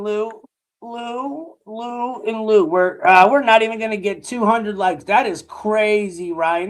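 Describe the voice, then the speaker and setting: Hoarse male streamer, loud and excitable, high-pitched, talks straight to chat. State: hoarse, losing his voice. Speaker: live-stream host.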